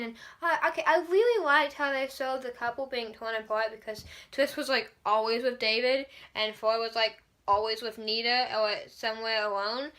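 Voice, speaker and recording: A woman with a high-set voice rants through a movie review, sarcastic and exasperated. She swears freely and talks casually. Her tone is bright and sharp. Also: steady tone, moderate pace, few pauses.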